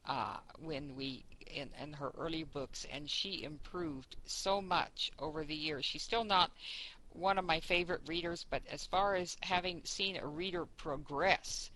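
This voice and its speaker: A woman's voice: low voice, unhurried, pushed and bright, a little hiss or hum, rough recording. A woman in a casual group chat, talking in a chatty, rambling way with fillers as she reminisces. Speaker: book discussion group member.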